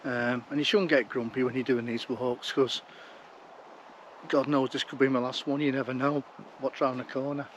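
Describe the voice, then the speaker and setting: A hiking vlogger, weary from the walk, speaks to the action camera he carries outdoors, blunt and rambling. His mid-range voice barely moves in pitch at a moderate pace, and the audio has cut-off highs plus a little hiss or hum.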